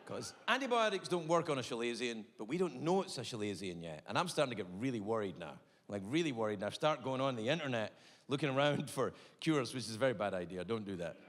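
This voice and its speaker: A man performing a stand-up comedy set on stage, telling a story with big shouts and quiet asides. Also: medium pitch, sing-song, quick pace. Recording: reverberant venue with faint ambience.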